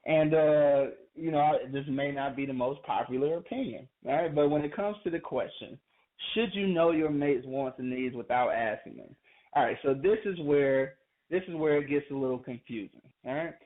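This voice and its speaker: Here a man with a voice on the high side co-hosts a call-in podcast at an ordinary speed, keeping it casual like radio banter. He repeats himself and laughs a lot, and the recording has a phone-like quality.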